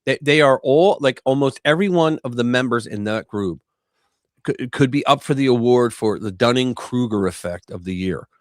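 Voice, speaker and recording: An American man in a loose livestream chat, his voice leaping up and down in pitch as he talks. He is emphatic and coarse, and the sound is close and dry with no room around it. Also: moderate pace, dry recording. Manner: animated and emphatic, coarse language. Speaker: guest co-host. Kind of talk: casual political chat on a livestream.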